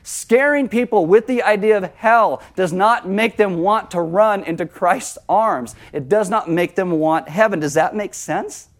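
A middle-aged man preaching a sermon as pastor, conversational, with lively asides. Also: high voice, a little slow, few pauses.

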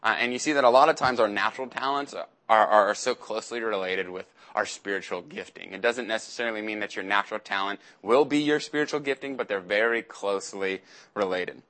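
A man's voice: fairly low pitch, fairly quick, a bit bright. A young man preaching a casual sermon as a youth pastor, chatty and acting out quotes in little voices.

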